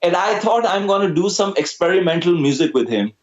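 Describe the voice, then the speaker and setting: A man's voice: high voice, animated, fairly quick, roomy sound, highs cut off, a little hiss or hum. A young man from Pakistan with a Pakistani accent, an Urdu speaker, talking as a guest musician in a casual interview, hesitant with many fillers. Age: young adult.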